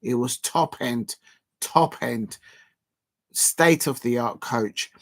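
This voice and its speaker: A man's voice: mid-range voice, slow, fairly bright tone. A man hosting a casual football live stream, talking in a rambling, emphatic way with frequent restarts.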